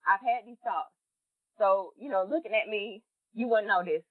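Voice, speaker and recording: A woman in her late twenties talks openly to her listeners, holding back tears in an earnest, confessional way. Her voice has a middling pitch and a narrow, phone-like tone. The sound is dry, with no room around it. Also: moderate pace, dry recording. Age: late 20s. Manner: earnest, confessional, often addresses listeners as "y'all". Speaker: podcast co-host. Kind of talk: candid personal talk.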